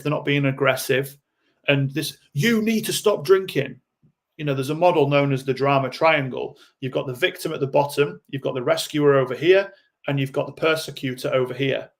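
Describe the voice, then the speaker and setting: A man speaking as a guest in a podcast interview, explaining ideas bluntly and acting out short quoted lines. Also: mid-range voice. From United Kingdom. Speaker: guest coach.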